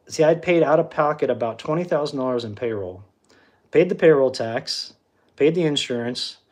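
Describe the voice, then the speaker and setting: A man telling a story on a livestream in a casual, animated way, acting out the quoted exchanges with frequent restarts. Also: medium pitch. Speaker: livestream host.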